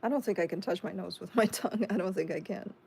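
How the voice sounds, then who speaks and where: A woman's voice: mid-range voice, quick pace, gravelly, warm tone, breathy edge. A woman with a Chicago accent hosting a tarot live stream, reading viewer comments aloud and chatting back casually.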